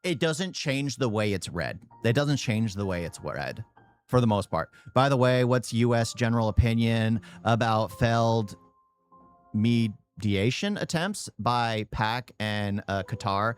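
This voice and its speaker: Male reaction host, casual and halting, repeats himself, faint music behind. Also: medium pitch, animated, clean tone. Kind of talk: casual commentary.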